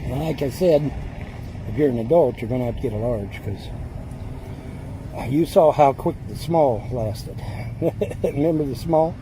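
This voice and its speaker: A man chatting casually as he eats fast food in his parked car, drawling and rambling. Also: medium pitch, noisy background. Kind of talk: casual mukbang chat. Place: parked car at a drive-thru.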